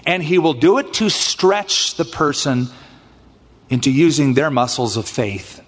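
A man in a church sanctuary delivers an expressive sermon, his voice pitched a little high. A long reverb trails each phrase. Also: unhurried. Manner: expressive preaching that acts out scripture voices. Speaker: pastor.

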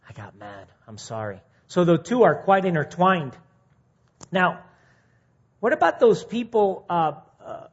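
A husky-voiced man preaches to a gathering of men in a plain, conversational way, earnest and direct. He often lifts his voice for emphasis and then sinks low and quiet. The recording sounds dull and muffled. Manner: earnest, rising to indignant mimicry, then dropping quiet. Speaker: speaker at a men's ministry meeting. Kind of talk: informal sermon.

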